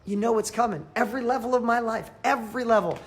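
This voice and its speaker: A man coaching a live audience in a motivational training, emphatic and fervent, repeating phrases for emphasis and swinging between loud and quiet. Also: very high-pitched, fairly even intonation, fast talker. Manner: fervent, emphatic, pep-talk delivery.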